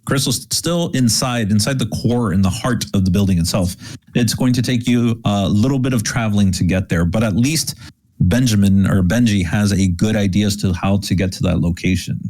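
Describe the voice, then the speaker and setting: A man's voice: lowish voice, normal speed, darkish tone. A man running a tabletop game as game master, narrating loosely with many fillers and restarts.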